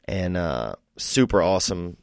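A young comedian from Louisiana, guesting on a podcast, chats casually and tells rambling stories, sometimes doing voices for the people in them. His voice is deep and gravelly, a little slow, and the studio sound is clean with no room echo.

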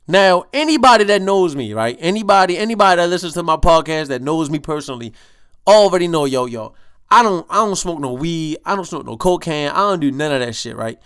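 Animated profane young man telling a story. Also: fairly high pitch, smooth. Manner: animated, profane street slang, acts out quotes. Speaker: podcast host. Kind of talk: casual storytelling monologue.

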